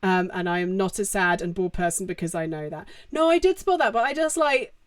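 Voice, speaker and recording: A woman's voice: on the low side, expressive, brisk, dry recording, studio quality. Chatty young woman streamer. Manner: chatty, rambling, lots of fillers. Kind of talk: casual live-stream Q&A. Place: home. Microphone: desk microphone.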